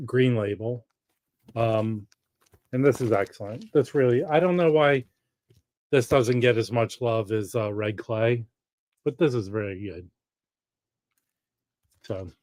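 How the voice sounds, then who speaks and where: A man talks casually on his own live stream, wandering from thought to thought and answering viewer comments as they come in. His voice sits at a middle pitch and is recorded dry and close, with no room sound. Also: no echo. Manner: rambling, chatty, reads viewer comments aloud.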